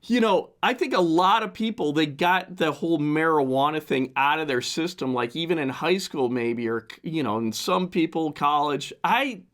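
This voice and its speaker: Hoarse fifty-year-old man rambling on a podcast. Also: on the high side, normal speed, hardly any pauses, a bit bright. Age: 50s. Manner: rambling, with many restarts. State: hoarse, recovering from flu. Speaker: podcast host. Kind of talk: casual solo podcast monologue. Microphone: desk mic.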